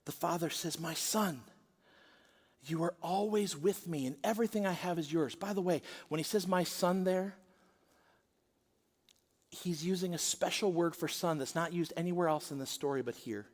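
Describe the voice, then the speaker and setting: A man with a high voice preaches to a congregation, telling the story with dramatic swings between quiet, intimate asides and loud, acted-out quotes. His voice rings through a large church auditorium with a long reverb. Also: moderate pace. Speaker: pastor. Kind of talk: sermon.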